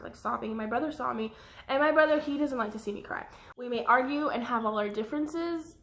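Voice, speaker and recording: Young woman, personal vlog confession, rambling and apologetic, bright higher voice, roomy echo. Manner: rambling, jumps between thoughts, apologetic asides. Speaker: vlogger.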